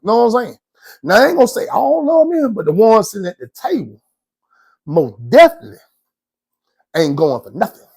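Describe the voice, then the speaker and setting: A man's voice: high-pitched, big pitch swings, fairly quick, pauses often, darkish tone, husky. A man, casually telling his own story in a slangy, rambling way and often checking in with the listener. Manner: slangy, rambling, keeps asking "you know what I'm saying".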